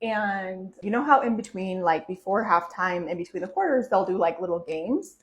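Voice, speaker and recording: A woman's voice: mid-range voice, moderate pace, slight background noise, rough recording. Chatty young woman telling a story. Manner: chatty, heavy use of "like" fillers, animated swings when excited. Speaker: vlogger telling a personal story. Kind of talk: casual storytelling to camera.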